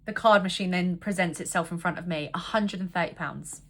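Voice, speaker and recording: A woman's voice: fairly low pitch, fairly quick. A woman telling a bad-date story to camera in a casual vlog, exasperated and swearing a lot. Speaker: vlogger.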